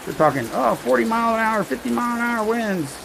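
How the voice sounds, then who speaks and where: Gravelly man telling jokes on a stream. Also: extremely high pitch, animated, fast talker, background noise. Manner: rambling storyteller, dry asides. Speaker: storm-watching vlogger. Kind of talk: casual joke-telling livestream.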